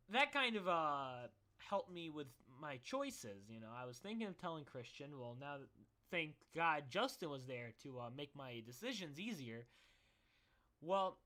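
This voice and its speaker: A young man tells a story about his own life in a loose, rambling way, full of fillers and little laughs. His voice is bright and a little tense, sitting slightly high for a man. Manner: rambling, animated, laughs often, many fillers. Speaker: vlogger. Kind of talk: casual storytelling.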